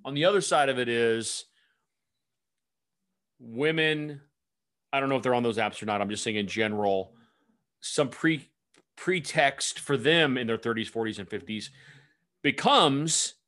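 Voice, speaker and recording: A podcast co-host giving blunt, profane opinions in casual chat, sometimes speeding into quick rants. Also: medium pitch, a bit bright. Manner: blunt, opinionated, swears freely, bursts into fast rants.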